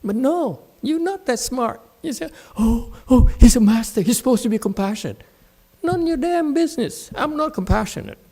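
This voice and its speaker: Non-native english speaking meditation teacher guy, blunt, scolds his students, pitch jumps all over, loud one sec then muttering. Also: expressive, moderate pace. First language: Chinese. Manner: blunt, scolding, mocks students' excuses in voiced quotes; swings between loud outbursts and quiet muttering. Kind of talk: dharma talk answering students.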